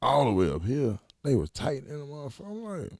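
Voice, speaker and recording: A man casually telling funny stories on a talk show, animated and laughing often, swearing freely and acting out what his friends said. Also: mid-range voice, fast, vocal fry, dry recording, clean studio sound. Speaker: podcast co-host. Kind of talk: casual storytelling chat.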